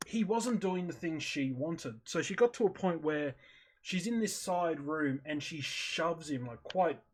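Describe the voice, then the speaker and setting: A man's voice: a little high, animated, unhurried, a little hiss or hum. A man chatting casually over voice chat, animatedly retelling a video he watched and acting out his own reactions. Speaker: streamer in voice chat. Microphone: headset or desk mic on voice chat.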